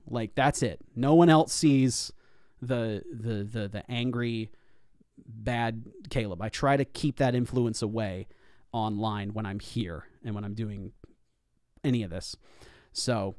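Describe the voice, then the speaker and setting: A young man hosting a casual livestream chat, animated and quick to laugh. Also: on the low side, clean tone, no echo, studio quality. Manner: animated, laughs often, breaks into mock singing. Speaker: host.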